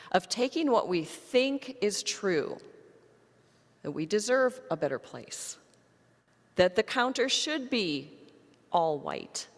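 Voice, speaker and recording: Unhurried woman preaching in a reverberant hall. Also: lowish voice. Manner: measured storytelling delivery to a congregation. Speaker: pastor. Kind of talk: sermon.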